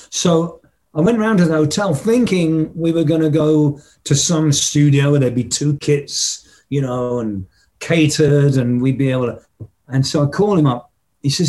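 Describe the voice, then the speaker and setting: A man's voice: fairly high pitch, normal speed, darkish tone. An older man, an interview guest, telling stories in a casual way and vocally mimicking drum patterns. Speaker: interview guest, rock drummer.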